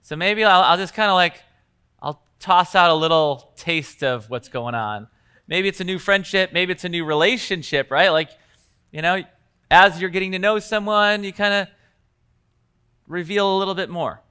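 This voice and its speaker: A man's voice: high-pitched, moderate pace, sharp tone, clean tone. A man teaching coaches at a live workshop in a conversational way, acting out bits of example dialogue. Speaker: coaching trainer.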